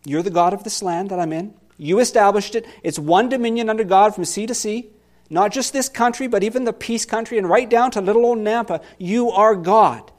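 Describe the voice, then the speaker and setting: A man voicing an anguished male psalmist in a dramatic scripture reading, impassioned, swinging between loud pleas and hushed lows. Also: brisk, natural voice. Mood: pleading.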